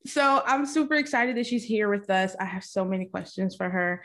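A woman's voice: medium pitch, steady tone, a little fast, fairly bright tone. Bubbly, nervous woman hosting a video call. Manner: bubbly, repeats herself, keeps saying she is nervous. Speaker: podcast host. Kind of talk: casual video-call interview. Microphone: computer mic on a video call.

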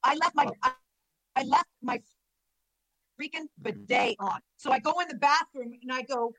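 Bright, high-voiced woman telling stories. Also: moderate pace, vocal fry, long pauses, low-quality recording. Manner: animated, rambling storyteller who laughs a lot. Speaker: podcast co-host. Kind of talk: casual chat.

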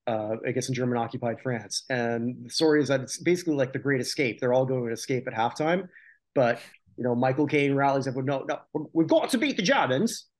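Rambling, jokey male podcast co-host. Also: medium pitch. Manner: rambling, self-correcting, jokey. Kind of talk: casual chat about old TV.

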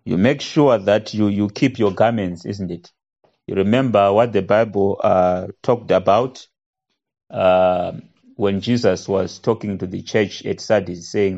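Slow-paced man teaching a Bible study. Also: on the low side, darkish tone, muffled recording. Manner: slow, with frequent "isn't it?" tags and fillers; reads scripture aloud with rising emphasis.

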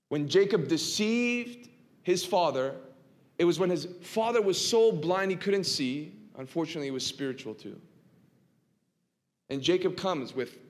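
A man preaching a sermon in a church, swinging from hushed to impassioned and asking the congregation rhetorical questions. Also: on the high side. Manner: dramatic, swinging from quiet to impassioned. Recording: long reverb of a large hall.

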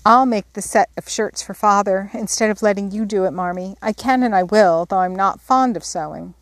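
A woman's voice: medium pitch, normal speed, dry recording, close to an everyday voice. A woman reading the proper eldest of the sisters, earnest and resolved.

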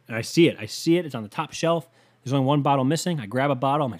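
Talking fast in a mid-range voice, a man hosts a podcast where he rants casually. His stories wander, stuffed with fillers, and his tone is heated, sarcastic, and full of swearing.

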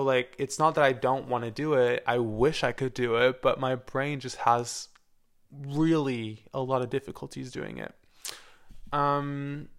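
With a clear, resonant voice of medium pitch, a man in his twenties hosts a casual solo podcast. He's a university music student who rambles candidly, using lots of fillers and now and then a swear word.

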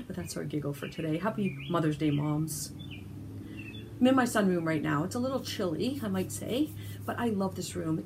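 An older woman, a grandmother, speaks from her sunroom in a low-pitched, heartfelt way, often restarting her phrases. Steady noise sits under the home recording. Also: creaky. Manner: warm storyteller, halting with restarts. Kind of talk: heartfelt devotional talk.

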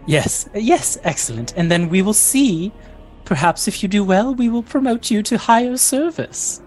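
A woman voicing a gracious, regal ant queen who speaks in a high, delighted, lilting voice. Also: animated, normal speed, a little mellow, faint music behind, lightly acted.

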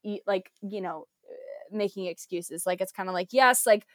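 A chatty young woman with an American accent talks loosely about her teaching, full of fillers and restarts. Her voice sits mid-range in pitch and is recorded close and dry, with no room sound around it. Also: normal speed, a bit bright, no echo. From United States. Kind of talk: casual conversation.

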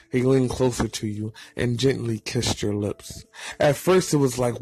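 Story narrator: man, mid pitch, husky, steady read over faint music. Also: measured pace, no echo. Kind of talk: reading a fan story aloud.

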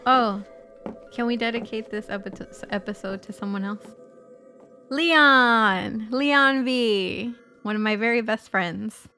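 A woman's voice: fairly high pitch, takes it slowly, soft background music. A woman co-hosting a podcast, telling stories with giggles and casual swearing. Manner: giggly, animated storytelling with swearing. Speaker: podcast co-host. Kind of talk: casual chat.

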